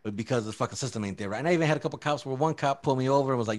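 A man in casual chat, ranting with lots of swearing. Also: mid-range voice. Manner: fast, profane, animated ranting.

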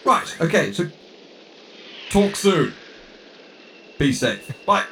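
A man's voice: a little high, big pitch swings, slow, gravelly, fairly bright tone, slight background noise, full character voice. A man voicing a harried male adventurer who curtly brushes off a caller mid-battle in a tabletop game. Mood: exasperated. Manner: exasperated, curt, keeps repeating the name.

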